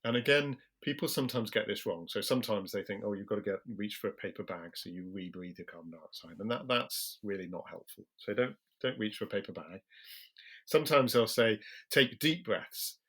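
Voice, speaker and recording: A British man, a general practitioner, explaining things in a calm, measured way during an interview and slowing his speech on purpose. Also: fairly low pitch, husky. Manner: calm, measured, slows deliberately for emphasis.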